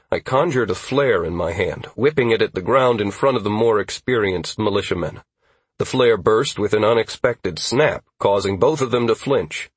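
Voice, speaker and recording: A man narrating a fantasy audiobook in a steady, even storytelling manner on a close studio mic. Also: on the low side, slightly rough, dry recording.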